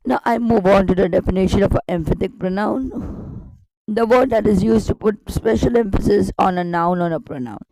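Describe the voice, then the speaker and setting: A woman's voice: mid-range voice, moderate pace, vocal fry, dark tone, dry recording, low-quality recording. A woman teaching a grammar lesson online, explaining step by step with repetition and rhetorical questions.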